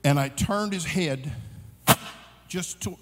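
A man preaching at a youth conference, telling a comic story with shouts and laughs. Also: a little high, takes it slowly, slight background noise. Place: large conference hall. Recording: long hall reverb.

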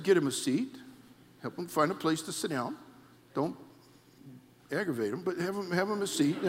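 A male pastor, preaching a sermon with shouted emphasis and telling comic anecdotes. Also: fairly high pitch. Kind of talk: sermon with storytelling. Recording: long hall reverb.

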